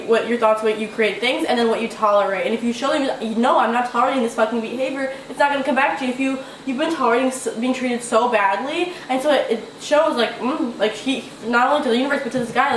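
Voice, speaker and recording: A woman's voice: a little high, fast, hardly any pauses, distant mic, slight background noise. A young woman giving blunt relationship advice in a casual vlog, rambling with lots of "like" and swearing freely. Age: young adult. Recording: echoey room, away from the mic, faint ambience.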